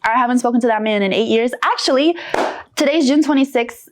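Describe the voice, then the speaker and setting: A woman's voice: fairly high pitch, a little fast, background noise. A woman in her late twenties from North Carolina, a guest telling her story frankly and with animation, with many fillers. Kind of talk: candid personal interview.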